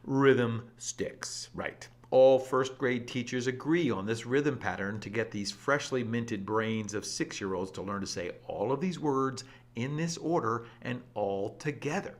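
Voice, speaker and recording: Dude explaining stuff w lots of punch, playful and bouncy, mid pitch. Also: male voice, a little slow. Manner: lively, playful, emphatic rhythmic delivery. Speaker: educational presenter. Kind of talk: energetic scripted explainer.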